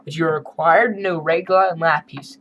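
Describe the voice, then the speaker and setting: A man's voice: a little high, steady tone, normal speed, a bit bright, dull audio, slight background noise. A man teaching a beginner Spanish lesson over a screen recording, explaining in a casual, chatty way with asides.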